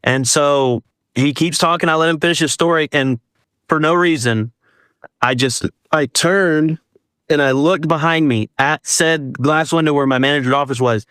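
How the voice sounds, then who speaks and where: A man with a fairly high voice tells a personal story as a guest, speaking at a normal pace in a smooth, relaxed way. He's animated and acts out what people said, giving them quoted voices. The sound is clean studio audio with no echo.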